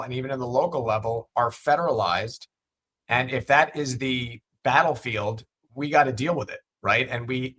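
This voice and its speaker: A male politician answering questions in a measured, deliberate way. He often repeats a word as he builds his point. His voice sits at an ordinary male pitch. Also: a bit bright. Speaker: state legislator, guest. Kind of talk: political interview talk.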